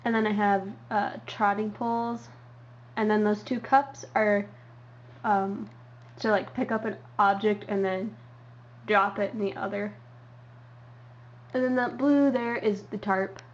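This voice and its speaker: Slow, rambling young woman giving a tour. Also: mid-range voice, steady tone. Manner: rambling with many ums and uhs. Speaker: model horse hobby vlogger. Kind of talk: casual show-and-tell tour. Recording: dull lo-fi home recording with faint hiss.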